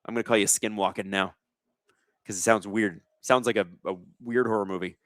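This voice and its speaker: A man's voice: on the low side, steady tone, a little fast, fairly bright tone, no room sound. A man hosting a casual live sports watch-along, reading chat aloud and joking sarcastically, with plenty of swearing. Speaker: livestream host.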